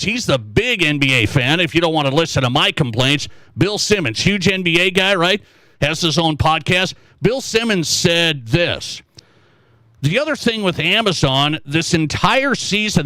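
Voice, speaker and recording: A middle-aged man hosting a sports talk show, telling stories in a rambling, animated way with repeated phrases. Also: on the high side, no echo. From South Dakota. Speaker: sports talk radio host. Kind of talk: casual sports talk monologue.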